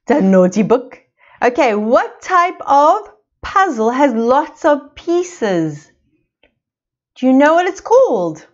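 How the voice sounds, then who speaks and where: Woman from South Africa, preschool teacher, high lively sing-song voice, dull lo-fi sound. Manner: sing-song, coaxing, slow and exaggerated for small children. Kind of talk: children's lesson with a picture book.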